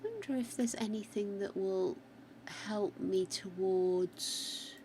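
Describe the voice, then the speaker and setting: An older woman with a faintly wobbly voice talks her way through a game on a live stream. She speaks slowly and in a middling pitch, thinking aloud and greeting her viewers by name. A faint hiss sits beneath her voice. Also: dark tone. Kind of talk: casual live-stream chat while playing.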